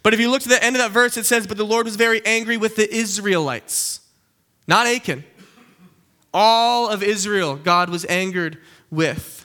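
A young man preaching a casual teaching sermon, animated and conversational, often checking in with his listeners. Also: high-pitched, moderate pace.

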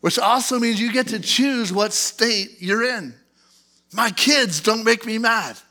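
Man, pastor, lively sermon, high voice, bright and forceful tone, acts out outbursts. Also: unhurried. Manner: animated, acts out outbursts in a loud put-on voice. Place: church.

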